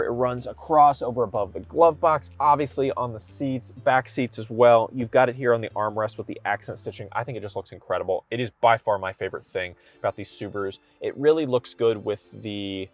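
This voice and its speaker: A man's voice: medium pitch, fairly quick, hardly any pauses, no room sound. A man from Kentucky giving an upbeat, conversational walkaround review from inside a car cabin.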